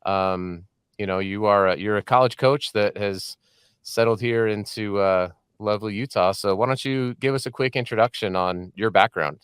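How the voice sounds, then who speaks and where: A man from Colorado hosts a casual interview with a smooth, clear voice. He teases his guest and breaks in with playful asides. The sound is dry and close. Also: on the low side, moderate pace, fairly bright tone, no room sound. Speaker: podcast host.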